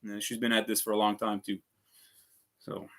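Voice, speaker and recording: A man's voice: lowish voice, monotone, moderate pace. A man ranting heatedly on a casual livestream, swearing often and repeating himself. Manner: heated, profane, repetitive ranting. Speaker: vlogger.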